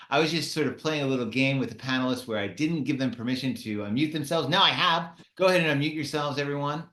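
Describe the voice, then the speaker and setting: A man's voice: medium pitch, a bit bright, roomy sound. A man hosting an online conference panel, chatty and joking as he brings people in. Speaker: conference host. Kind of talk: casual video-call introduction. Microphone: video call.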